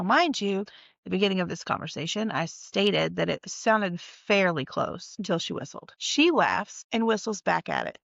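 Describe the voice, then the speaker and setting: Gravelly woman swearing through a spooky story. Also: mid-range voice, fairly bright tone, dry recording. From North Carolina, USA. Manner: profane, emphatic, conspiratorial. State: tired. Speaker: storytime vlogger. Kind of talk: casual storytelling. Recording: dull, dry lo-fi recording.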